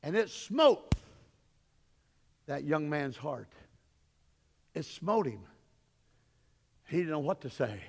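Gravelly preacher telling stories in a sermon. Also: male voice, expressive, slow, long pauses, in a large hall. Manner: preaching storyteller, swelling loud and high then dropping low. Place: church sanctuary.

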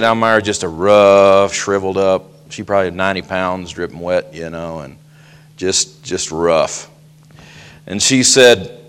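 A male pastor delivering a sermon with homey stories and playful jokes. His voice sits low and rings out smooth and resonant. He teases the congregation in a relaxed, folksy way. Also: unhurried. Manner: folksy, joking asides.

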